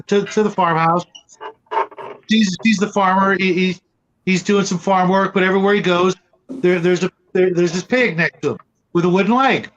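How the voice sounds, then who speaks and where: High-voiced man, halting storyteller. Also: a bit bright, slight background noise. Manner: halting, repeats words often. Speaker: host. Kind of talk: casual chat and joke telling. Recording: muffled lo-fi audio.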